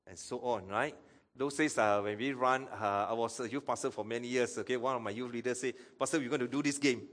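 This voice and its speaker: A man's voice: medium pitch, fairly bright tone. A man preaching a sermon as pastor, acting out Bible quotes and asking the audience questions.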